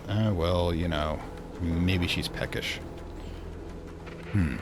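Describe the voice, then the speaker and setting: A man's voice: deep voice, slow, background noise. A man hosting a let's play, casually thinking aloud and reading game text.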